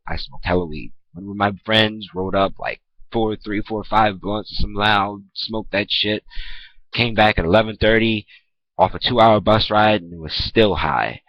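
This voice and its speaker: A young man telling a personal story in a blunt, profane, conversational vlog, acting out what people said. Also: no room sound. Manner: blunt, profane, conversational, acts out quoted lines. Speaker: vlogger. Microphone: camera mic. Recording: dull, muffled low-quality recording.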